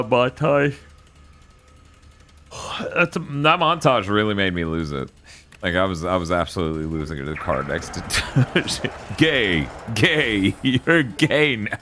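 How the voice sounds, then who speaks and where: Lively, slow-talking male streamer. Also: mid-range voice, slight background noise. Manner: laughs often, rambling restarts. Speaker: streamer reading chat. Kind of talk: casual gaming stream chat.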